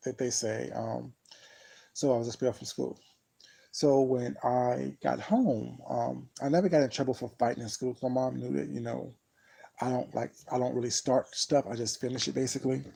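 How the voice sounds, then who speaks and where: Man, vlogger, dark husky voice, casual rambling storytelling, emphatic. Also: medium pitch, low-quality recording. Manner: rambling, emphatic, frequent fillers like "you know what I'm saying".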